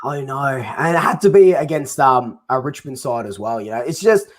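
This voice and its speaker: An Australian man hosting a casual footy chat, a little tipsy, swearing and stammering with excitement. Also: mid-range voice, moderate pace. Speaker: show host.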